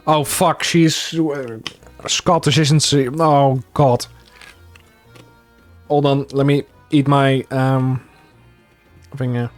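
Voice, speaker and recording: A man's voice: mid-range voice, little pitch movement, extremely slow, pauses often, soft background music. A young man streaming a game, casual and self-mocking, swearing freely. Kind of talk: let's-play commentary.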